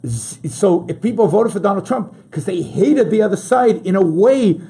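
A male talk show host giving emphatic political commentary, piling up words for emphasis and pausing to muse over his own word choice. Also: high voice, expressive, dark tone, slightly rough. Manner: self-correcting, muses aloud over word choice.

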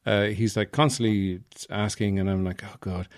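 A man's voice: on the low side, steady tone, moderate pace, no echo, clean studio sound. An Irish man hosting a podcast, telling stories in a rambling, wry, self-mocking comic monologue. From Ireland, Offaly. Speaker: podcast host.

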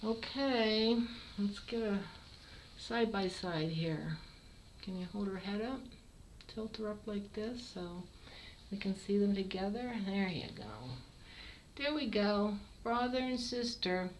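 A middle-aged woman, a longtime cat breeder, showing off kittens in a fond, unhurried way. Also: mid-range voice, a little hiss or hum, poor audio. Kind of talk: casual kitten showcase.

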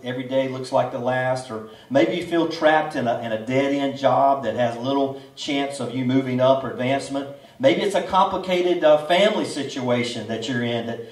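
A man preaching a sermon at a drive-in church service, folksy and conversational, full of rhetorical questions. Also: mid-range voice. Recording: roomy echo, distant mic.

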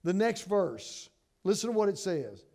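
Pastor, man, middle-aged, very high and animated voice, impassioned sermon delivery with frequent restarts. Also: unhurried. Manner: passionate preaching, swings from hushed to emphatic; repeats and restarts words.

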